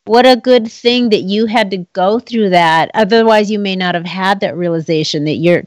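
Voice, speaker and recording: A supportive interviewer affirms a guest's story. The speech is halting and full of fillers. The sound is close and completely dry. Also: mid-range voice, no room sound.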